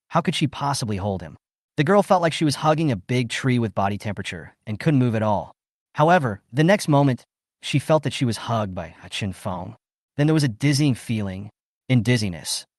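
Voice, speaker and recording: A male narrator tells a comic story recap in a brisk, scripted delivery. His pitch moves a lot, and the recording is dry and close with no room echo.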